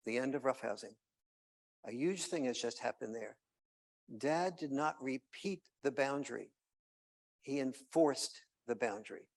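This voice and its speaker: A man's voice: medium pitch, measured pace, long pauses. A man giving a conference keynote, telling anecdotes with hesitant fillers and restarts. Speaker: keynote speaker.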